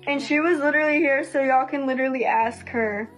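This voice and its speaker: A woman's voice: high-pitched, a little fast, a bit bright, soft background music. A young woman hosting a livestream, venting bluntly and heatedly with plenty of swearing. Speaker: livestream host.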